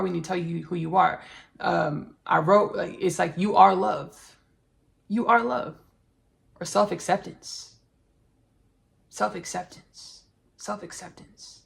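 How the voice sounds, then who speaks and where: A podcast host delivers an earnest spiritual monologue in a low-ish, creaky voice. She speaks haltingly, repeats herself, and fills the gaps with many fillers.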